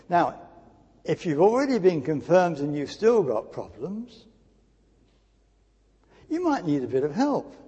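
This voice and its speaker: An older man preaching a sermon in a church, telling stories with lively emphasis and dropping to a near whisper at times. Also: a little high, husky. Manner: animated storytelling with sudden drops to hushed speech. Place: church hall. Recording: long church reverb.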